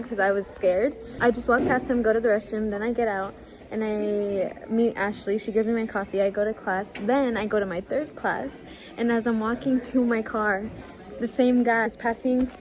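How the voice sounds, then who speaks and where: Young woman co-hosting a vlog, animated storyteller, fairly high voice with crowd noise behind. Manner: chatty, lots of "like", acts out quotes. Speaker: vlog co-host. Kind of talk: casual storytelling chat.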